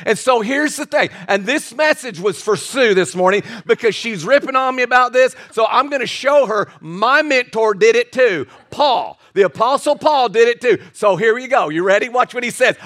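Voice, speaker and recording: A man with a high voice preaches a lively sermon. He talks to his church in a folksy, joking way, stumbles into restarts, and now and then bursts into loud emphasis. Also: normal speed, few pauses. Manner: energetic and animated, with frequent stammered restarts and bursts of loud emphasis; folksy and humorous with the congregation. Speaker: pastor. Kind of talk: sermon with personal stories. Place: church service.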